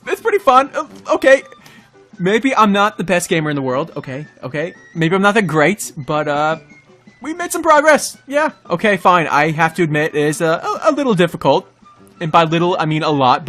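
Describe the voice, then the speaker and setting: Brief: excitable male gamer host, high pitched, bright, yelps at the game. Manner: talks to himself and the enemies. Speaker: gaming YouTuber. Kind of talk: excited gameplay commentary.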